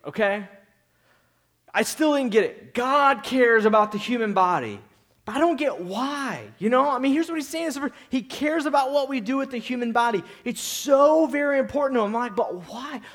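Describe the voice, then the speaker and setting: High-voiced man preaching conversationally. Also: a bit bright. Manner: conversational, repeats himself, many asides and rhetorical questions. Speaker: pastor. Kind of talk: sermon.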